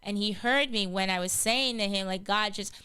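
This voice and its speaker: A woman's voice: medium pitch, moderate pace, bright, forceful tone, clean tone, dry recording. A woman hosting a gospel radio show, sharing a personal testimony in an earnest, heartfelt way with many repetitions and restarts. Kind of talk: personal testimony, casual spoken.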